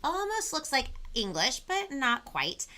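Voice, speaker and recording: A woman's voice: sits high, wildly swooping pitch, a little slow, sharp tone. A young woman hosting a bilingual children's live-stream lesson, bubbly and sing-song, talking straight to her viewers. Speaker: children's show host.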